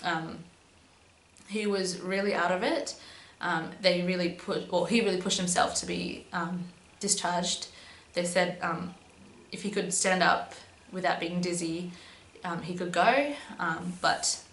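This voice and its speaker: A woman's voice: lowish voice, steady tone, unhurried, a bit bright. A young woman telling a personal story in a casual, chatty way, with lots of "um"s and "but yeah"s. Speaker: vlogger. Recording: echoey room with faint hum.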